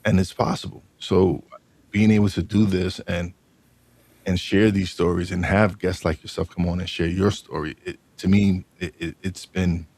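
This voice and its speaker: A man hosting a podcast, talking in a halting way and repeating his words as he tells his story. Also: deep voice, steady tone, a little mellow, no echo. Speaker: podcast host. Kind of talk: casual interview chat.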